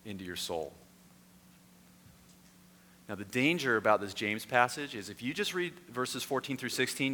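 A man preaching a sermon, telling stories with put-on voices and shouts, then turning quiet and earnest. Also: on the low side. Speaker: pastor. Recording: long hall reverb, faint noise.

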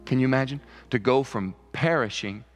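A man's voice: mid-range voice, fairly quick, faint music behind. A man preaching a sermon as pastor, emphatic, repeating key phrases. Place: church sanctuary. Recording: church hall reverb.

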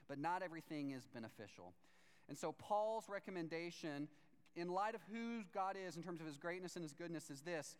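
Lively young preacher in a reverberant hall. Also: male voice, high-pitched, clean tone. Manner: storytelling with quoted voices, frequent "right?" tag questions. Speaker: pastor. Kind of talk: sermon.

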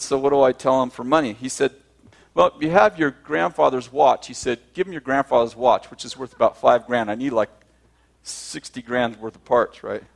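A man's voice: medium pitch, vocal fry. A man telling a personal story to a group, acting out both sides of the conversations and often laughing as he speaks.

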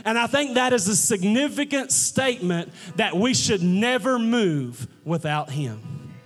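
A man's voice: sits high, animated, unhurried, faint music behind. A man preaching a sermon as pastor, building to impassioned, repetitive cadences.

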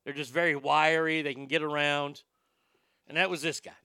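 Man, stand-up storyteller, animated and profane, slightly high voice. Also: normal speed, clear, resonant tone, no echo, studio quality. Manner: animated, profane, acts out other people's lines. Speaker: stand-up comedian.

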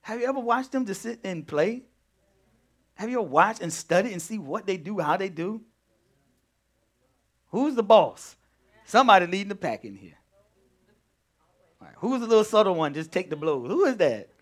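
Animated high-voiced preaching man. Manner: call-and-response preaching, drawn-out phrases, laughs with the audience. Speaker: pastor. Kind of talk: lively Bible-study sermon.

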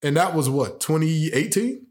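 Speaking at normal speed in a slightly high voice, a man hosts a sports talk show. He offers strong opinions, peppered with lively rhetorical questions and sarcasm.

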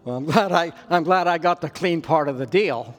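Canadian pastor preaching in a reverberant hall. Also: male voice, fairly high pitch, moderate pace. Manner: storytelling, personal and earnest, voice rising in emphasis. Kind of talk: sermon. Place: church hall with long reverb.

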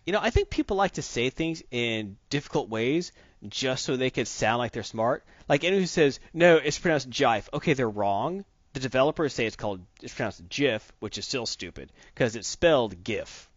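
A man co-hosting a casual comic book chat, opinionated and rambling, who slips into quick voices for the characters he describes. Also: medium pitch, lively intonation, dry recording. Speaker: podcast co-host. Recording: dull lo-fi dry sound.

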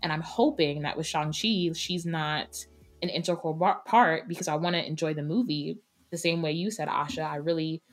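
A woman co-hosting a casual podcast roundtable, speaking in a fairly low voice. She argues her points emphatically, with plenty of opinion and animation. A faint bed of music plays underneath. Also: moderate pace. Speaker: podcast co-host.

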